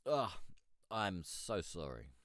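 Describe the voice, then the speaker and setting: A man's voice: low voice, very animated, takes it slowly, a bit bright, no room sound, studio quality. A man hosting a live music-review stream, rambling and hesitant as he gives casual feedback, sleepy and yawning, swearing now and then. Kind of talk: casual livestream commentary.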